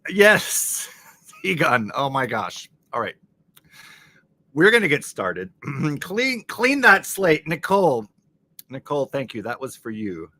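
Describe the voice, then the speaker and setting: A man hosts a relaxed live-stream crossword show, reading chat comments, talking with viewers, laughing often and tossing in jokey asides. His mid-range voice is bright and forceful.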